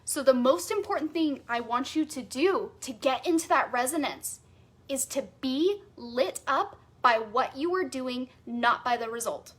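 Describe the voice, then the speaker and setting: A woman with a high, bright-toned voice teaches a live coaching masterclass. She talks casually with "like" and "right?" and leans on repeated phrases for emphasis. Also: expressive, unhurried. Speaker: sales and human design coach.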